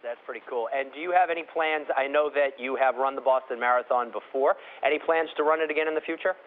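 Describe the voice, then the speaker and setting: A man's voice: medium pitch, quick pace. A man interviewing from a TV station, asking friendly questions in an upbeat way. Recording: tinny phone-like line.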